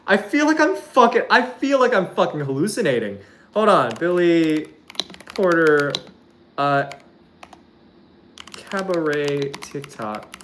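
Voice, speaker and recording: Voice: mid-range voice, expressive, takes it slowly, pauses often, a bit bright. A streamer chatting casually to their viewers, rambling, swearing often and filling every sentence with "like". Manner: laughs while describing a clip. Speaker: streamer talking to chat.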